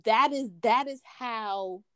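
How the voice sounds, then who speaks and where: A woman's voice: a little high, slow, pushed and bright, smooth, no echo, studio quality. A young woman, an author being interviewed, speaking earnestly as she searches for her words in a casual podcast conversation. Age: young adult. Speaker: author guest.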